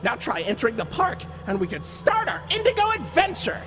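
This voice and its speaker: A man's voice: extremely high pitch, huge pitch swings, fairly quick, music in the background, heavily acted. A man voicing a cheerful cartoon raccoon mascot who guides visitors through a theme park in an upbeat, salesy patter. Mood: cheery. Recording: echoey reverberant game audio.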